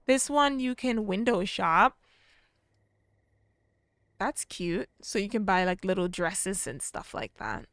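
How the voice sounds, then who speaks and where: A woman's voice: medium pitch, lively intonation, takes it slowly, pauses often, fairly bright tone, no echo, clean studio sound. A woman casually narrating her gameplay, chatty and easily delighted as she describes what her characters are doing. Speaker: gameplay video creator.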